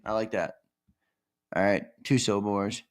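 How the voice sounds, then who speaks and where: A man hosting a casual live-stream sports fan show, chatting with viewers and breaking into loud, excited hollers. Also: on the low side, normal speed, clear, resonant tone.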